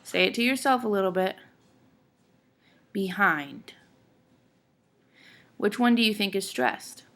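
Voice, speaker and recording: A woman's voice: medium pitch, a little fast, hardly any pauses, a bit bright. A woman teacher giving a classroom lecture, explaining step by step in a patient way and often checking in with her students.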